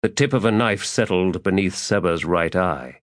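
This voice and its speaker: A man reading a fantasy audiobook in a measured, dramatic storytelling manner. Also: low-pitched, no room sound, clean studio sound. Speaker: audiobook narrator. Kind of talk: scripted narration.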